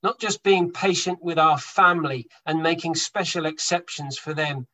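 A man's slightly high voice, with fairly even intonation and a moderate pace, comes through a rough recording. Preaching a sermon to his congregation, he speaks emphatically, his loudness rising and falling to stress points.

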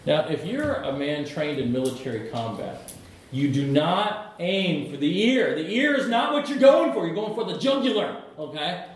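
A middle-aged man preaching a sermon, telling the story in an animated way, with humor and asides to the congregation. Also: fairly high pitch, normal speed, slight background noise. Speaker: pastor. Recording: echoey church hall.

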